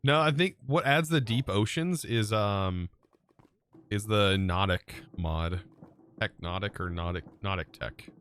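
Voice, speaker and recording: A man's voice: on the low side, a little slow, a bit bright, a little hiss or hum. A man streaming a modded block-building game, chatting casually with his viewers and muttering to himself as he plays. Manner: chatty, talks to chat while playing, muttering lists to himself. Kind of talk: casual live-stream chat.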